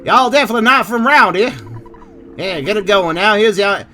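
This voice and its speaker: A man's voice: high-pitched, moderate pace, pushed and bright, slight background noise, voice pushed up. A man voicing a cheerful male Texan townsperson in a folksy drawl, reading game dialogue aloud. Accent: put-on Texan drawl. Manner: folksy, drawling, lots of y'all.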